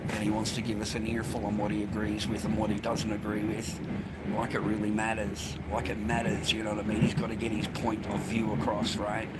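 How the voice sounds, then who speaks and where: Fairly low in pitch and monotone, an Australian man talks fast with few pauses while ranting into his phone on a walk along a street and path. The rambling, profane vlog calls everyone mate and bro, over loud traffic and street noise.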